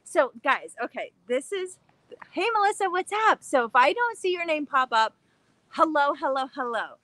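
Bubbly high-voiced woman, very animated. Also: moderate pace, dry recording. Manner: bubbly, excited, scattered. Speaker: craft channel host. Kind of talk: casual livestream chat. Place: backyard, outdoors.

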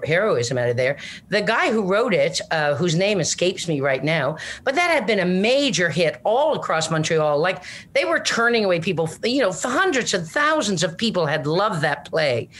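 Older Newfoundland-accented woman, interview guest, lowish voice, rambling and self-deprecating. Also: sing-song, moderate pace, slight background noise. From Newfoundland, Canada. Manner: rambling, self-deprecating, full of "you know what I mean". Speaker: guest, comedic actor. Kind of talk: casual interview chat.

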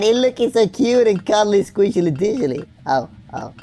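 Goofy woman with a gravelly, lively voice. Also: medium pitch, moderate pace, faint music behind. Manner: goofy, rambling, makes up silly words; sing-song wordplay and sudden exclamations. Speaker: gaming video creator. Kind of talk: playful game commentary.

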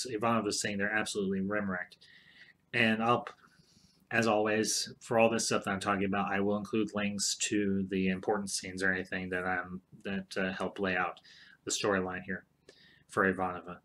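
Low, flat-voiced man recapping a TV plot. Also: moderate pace. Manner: rambling, many fillers and restarts. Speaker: show commentator. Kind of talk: casual retelling of a TV plot.

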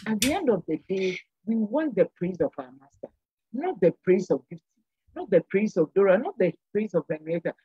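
Older church lady preaching earnest, husky voice, goes up and down a lot, dull lo-fi sound. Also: mid-range voice, very animated, moderate pace, dark tone, dry recording. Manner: earnest, repeats phrases for emphasis. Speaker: panel guest. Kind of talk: sermon-like exhortation.

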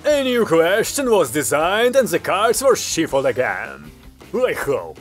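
A male audiobook narrator with a lively, swinging delivery. Soft music plays faintly underneath his reading. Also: fairly high pitch, measured pace.

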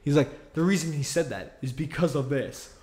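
A man's voice: on the high side, lively intonation, normal speed, a little mellow. A man co-hosting a casual book-club podcast, tipsy and goofy, slipping into silly accents. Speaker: podcast co-host. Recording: echoey room.

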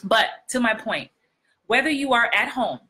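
A woman coaching actors in a chatty, animated live stream, talking straight to her viewers. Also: fairly high pitch, moderate pace, breathy edge. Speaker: acting coach. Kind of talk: live-streamed acting tips.

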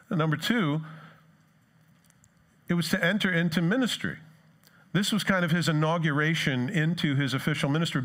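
A man's voice: a little high, a bit bright. A male pastor giving a conversational sermon to a church congregation, reading scripture and putting questions to his listeners.

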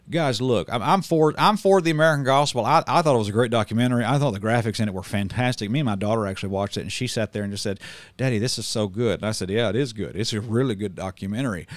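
A middle-aged man preaching in a heated commentary video, swinging from loud outrage to low calm and often repeating words. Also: no echo. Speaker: street preacher and channel host.

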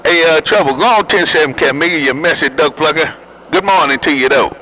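A man's voice: fairly high pitch, a little fast, sharp tone, a little hiss or hum, low-quality recording. A man chatting and teasing other drivers over a CB radio in slangy, joking banter. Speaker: CB radio operator. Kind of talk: casual CB radio chat.

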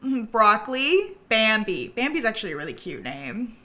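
A woman hosting a gameplay livestream, chatting to viewers, giggly and easily excited, thanking them for subscriptions. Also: on the high side, normal speed. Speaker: livestream host.

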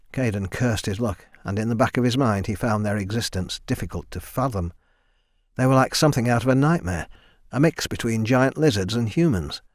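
A man narrating a fantasy audiobook at a steady, measured pace. His voice sits in an average range and sounds close and dry, with no room behind it. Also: medium pitch, dry recording. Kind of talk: scripted narration.

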